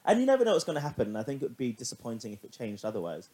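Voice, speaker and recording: A man in casual podcast chat, chatty and animated, swearing freely as he tells stories. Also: mid-range voice, racing, husky. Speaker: podcast co-host.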